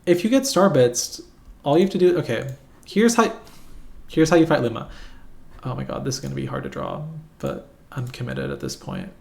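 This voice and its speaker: A man's voice: medium pitch, very animated, normal speed, creaky. Man, casual game breakdown, rambling, self-deprecating, laughs at himself. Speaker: competitive gamer explaining matchups. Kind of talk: casual explanatory commentary while drawing.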